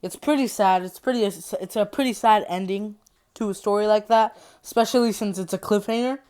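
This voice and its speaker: A woman's voice: medium pitch, a little fast, dark tone. A woman casually summarizing a horror book, rambling and repeating herself. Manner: rambling, repetitive, giggly. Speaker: youtuber retelling a book.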